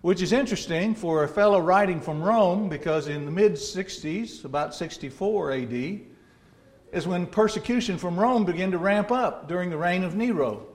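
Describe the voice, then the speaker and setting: A man's voice: high-pitched, moderate pace. A man with an Alabama accent preaching a sermon, teaching in a folksy, conversational way with homey asides. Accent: Southern American, Alabama. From North Alabama.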